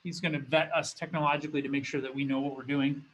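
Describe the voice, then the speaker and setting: This man has a medium-pitched, rather flat, somewhat bright voice and talks fast. Poor audio adds a little hiss or hum to his recorded business school lecture. Conversational and prone to restarting phrases, he teaches in a classroom or studio with a document camera.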